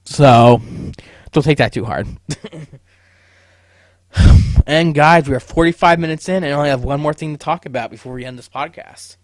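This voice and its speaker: A man's voice: a little high, a little fast, no echo. Young man swearing through a podcast rant. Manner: heavy swearing, stammering restarts. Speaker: podcast host. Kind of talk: casual solo podcast rant.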